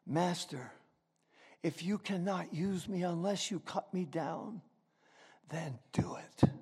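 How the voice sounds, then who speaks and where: A man voicing a gentle, modest bamboo plant who pleads with his master in a trembling voice and then gives in softly. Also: very high-pitched, expressive, slow, exaggerated voice. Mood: hushed surrender. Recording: echoey hall.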